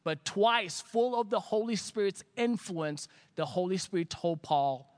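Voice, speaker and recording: High-voiced preacher, lively sermon. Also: male voice, a little slow, hardly any pauses. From Africa. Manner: animated, acts out his younger self in quoted asides. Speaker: pastor. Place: empty church streamed online.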